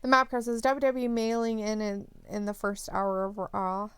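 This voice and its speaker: A woman's voice: medium pitch, flat delivery, moderate pace, fairly bright tone, clear, resonant tone. A woman co-hosting a live stream in casual chat, laughing often as she reads viewer comments aloud.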